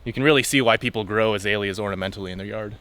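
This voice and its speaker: A man's voice: lowish voice, very fast, fairly bright tone. Enthusiastic man explaining trail plants. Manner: enthusiastic, explanatory, laughs often. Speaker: hiker identifying plants. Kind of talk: casual trail chat. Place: outdoors on a forest trail.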